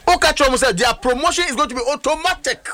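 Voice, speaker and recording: Man, Ghanaian accent, middle-aged, bright forceful tone, high voice, emphatic political commentator. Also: fast talker. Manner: emphatic, rhetorical, switches between languages.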